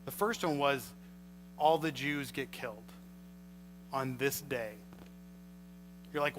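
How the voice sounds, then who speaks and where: A male pastor preaching a sermon, reading scripture and retelling it with animated storytelling. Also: a little high, a little slow, pauses often, a little hiss or hum, poor audio. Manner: animated storytelling, acts out scenes.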